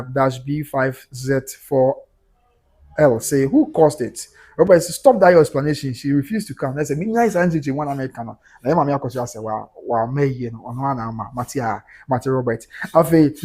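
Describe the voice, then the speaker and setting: A man's voice: medium pitch, animated, moderate pace, dark tone. A Ghanaian man hosting a livestream, reading out viewer comments and reacting to them in a mix of Twi and English.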